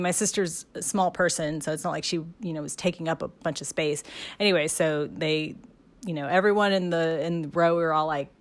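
A woman with a fairly low voice tells a personal story in a casual, emotional way. She laughs now and then and lets her sentences fade off softly. The recording is dry and close. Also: dry recording. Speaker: guest telling her fan story.

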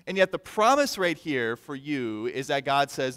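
A male pastor preaching a sermon with animated delivery, acting out the people he quotes and repeating words for emphasis. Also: fairly high pitch, normal speed, few pauses. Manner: animated, acts out quoted voices; repeats words when stressing a point. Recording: long reverb of a large hall.

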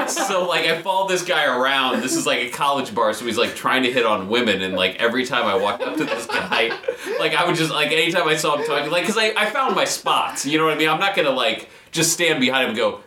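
A man from a band, a stand-up comic on the side, spins a story with a bright, lively voice. His pitch leaps around as he acts out the scene, and the room around him rings noticeably. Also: a little fast, echoey room. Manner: animated, laughing storyteller doing voices. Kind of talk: casual storytelling.

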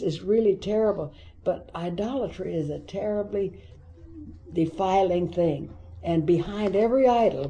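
A Bible teacher with a deeply mellow, dark tone, leading a Bible study. The speaker reads scripture steadily, then stops to add emphatic, conversational remarks. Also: poor audio.

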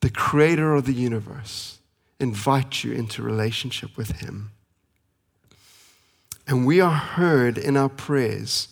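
A man in his thirties preaching a sermon as pastor, earnest and pleading, slowing for emphasis and speeding through family stories. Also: mid-range voice, creaky. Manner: earnest, pleading, with slow emphatic pauses and fast anecdotes.

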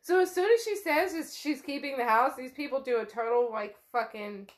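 A woman's voice: sits high, moderate pace. A woman co-hosting a book podcast, retelling the chapter in a loose, chatty way, laughing often and swearing now and then. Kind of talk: casual book recap chat.

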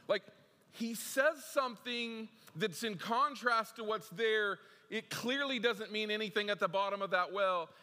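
A man preaching a sermon in a conversational way, repeating words as he goes and swinging between hushed passages and emphatic ones. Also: high voice, unhurried. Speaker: pastor. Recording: echoey hall with long reverb.

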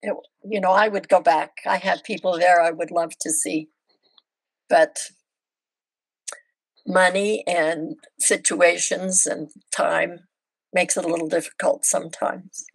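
A woman's voice: on the low side, fairly even intonation, slow, creaky, husky, no room sound, rough recording. An older woman, a podcast guest, telling her missionary stories in casual, chatty conversation. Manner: chatty, anecdotal. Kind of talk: casual storytelling interview.

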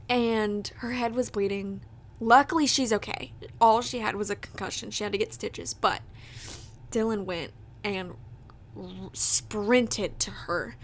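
Young woman podcast host rambling casually, lots of "like", kinda high voice. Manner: chatty, leans on fillers like "like" and "that type of deal". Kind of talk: casual storytelling monologue.

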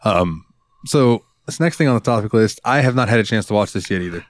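A man co-hosting a casual podcast in a relaxed, agreeable way, sometimes stumbling over names. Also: lowish voice, brisk, dry recording, clean studio sound. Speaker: podcast co-host. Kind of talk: casual chat.

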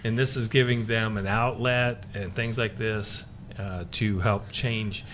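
A man's voice: on the low side, steady tone, measured pace, fairly bright tone, slight background noise. A man hosting a casual faith talk radio show, rambling with many fillers and restarts.

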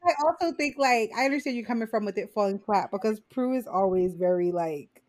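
A woman's voice: medium pitch, animated, a little fast, darkish tone. A woman co-hosting a podcast, telling a TV episode's plot in a playful, frank way and laughing often. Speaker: podcast co-host. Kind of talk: casual TV episode recap.

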